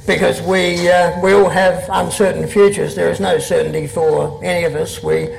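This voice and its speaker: A man's voice: sits high, flat delivery, moderate pace, gravelly, poor audio. A man in his sixties with an Australian accent, a poet reading his poems and telling dry, wry stories on stage before an audience. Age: 60s. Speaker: poet and guest. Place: live event before an audience.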